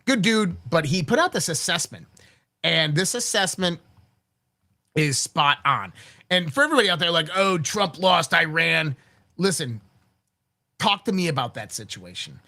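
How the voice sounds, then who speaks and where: A man's slightly high voice swings widely in pitch as he talks at a moderate pace, pausing often, with a pushed, bright tone. He's the host of a casual daily political commentary show, crass and blunt, frequently cursing and repeating words when he restarts.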